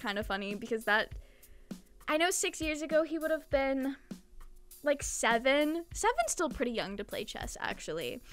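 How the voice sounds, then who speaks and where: A high-pitched young woman recaps a manga chapter in a chatty, giggly way, full of casual slang. Faint music plays underneath her voice. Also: a bit bright. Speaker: manga commentator.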